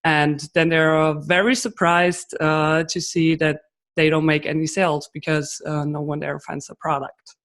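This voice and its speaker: A woman's voice: low voice, flat delivery, measured pace. This is a woman, giving podcast interview answers as a guest expert. She talks through her ideas with concrete examples and drops in fillers like "um" as she goes. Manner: explains with examples, frequent fillers.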